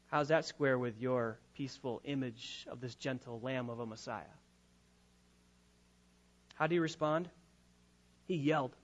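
A male pastor preaching a sermon, dropping to quiet, quick asides and rising to loud, drawn-out emphasis. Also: mid-range voice, dull audio.

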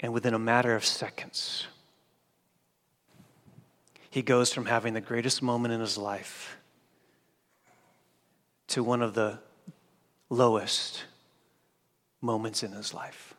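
A man preaching a sermon, swinging from loud emphatic declarations to hushed, quiet lines. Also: mid-range voice, level tone, slow pace, long pauses. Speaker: pastor. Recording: long hall reverb.

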